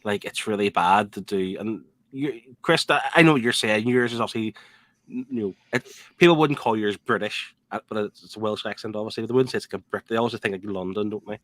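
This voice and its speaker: A man with a Belfast accent tells stories in a relaxed group chat over a video call. He is teasing and anecdotal, with a fairly low voice. The sound is close and dry. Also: brisk, no room sound. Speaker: panelist. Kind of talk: casual chat.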